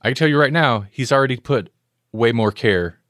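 A man's voice: medium pitch, a little fast, fairly bright tone, dry recording, studio quality. A man co-hosting a podcast, chatting casually about movies and acting out scenes with quoted voices. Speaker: podcast co-host.

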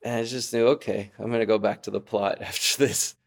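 A man's voice: on the low side, steady tone, a little fast, vocal fry. A man raised in Venezuela, a musician guest in a casual interview, talking in a rambling, reflective way that breaks off mid-thought. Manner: rambling, reflective, self-interrupting, acts out voices with laughs.

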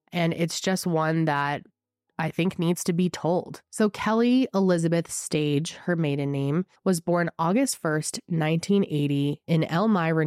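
A young woman with a head cold hosts a true crime show, her low voice scratchy and congested. She tells the case with emphatic, chatty asides and a fired-up indignation. The sound is close and dry. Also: darkish tone, clear, resonant tone, dry recording. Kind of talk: true crime storytelling to camera.

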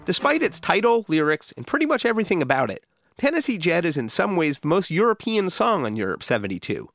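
A man hosting a music history podcast, reading scripted documentary narration in a measured, informative way. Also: high-pitched, very animated, fairly bright tone, dry recording.

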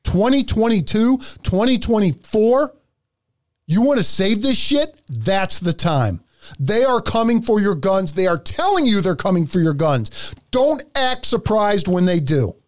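A man's voice: high voice, sing-song, a little slow. A man hosting a podcast, ranting profanely through heated political commentary. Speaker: podcast host.

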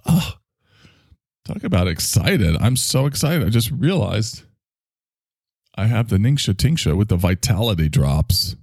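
A man's voice: on the low side, sing-song, measured pace, long pauses, husky, no echo, studio quality. A man hosting a solo comedic monologue, rambling in a wry, self-mocking way. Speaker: host.

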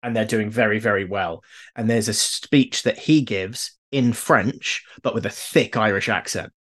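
A man's voice: on the low side, a little slow, a bit bright. A man co-hosting a podcast, telling stories with enthusiasm and a few hesitant restarts. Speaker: podcast co-host. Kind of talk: casual chat.

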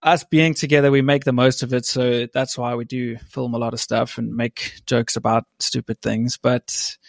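A man's voice: mid-range voice, flat delivery, normal speed, gravelly, no room sound, clean studio sound. A young man from South Africa, a podcast guest telling stories in a laid-back, chatty way with frequent laughs. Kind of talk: casual chat.

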